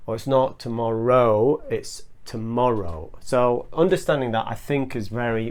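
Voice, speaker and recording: Male teacher, mid-range voice, measured step-by-step lesson delivery. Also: medium pitch, a little mellow. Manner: measured, explains step by step with spoken examples. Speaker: English teacher. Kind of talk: explanatory video lesson.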